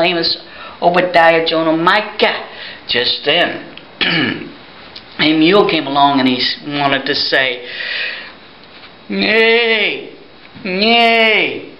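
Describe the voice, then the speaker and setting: A Sunday school teacher telling a silly memory story for children in slow, singsong chanting. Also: medium pitch. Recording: roomy, dull home video recording.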